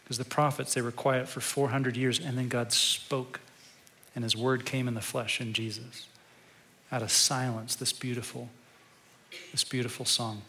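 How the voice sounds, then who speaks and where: Bright-voiced male preacher telling a story. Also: mid-range voice, a little hiss or hum. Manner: conversational storytelling, moving to a quiet, reflective tone. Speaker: pastor. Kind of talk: sermon.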